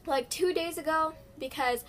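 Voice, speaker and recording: Teen female book vlogger, gushing and chatty, a bit high-pitched, light background hiss. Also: moderate pace, a bit bright. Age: teens. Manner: gushing, chatty, many fillers and restarts. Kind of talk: casual chat.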